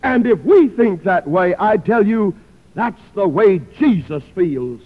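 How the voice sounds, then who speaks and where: A male preacher giving a sermon, swinging from loud declarations to hushed pleas. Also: high-pitched. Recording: phone-like old recording with long hall reverb.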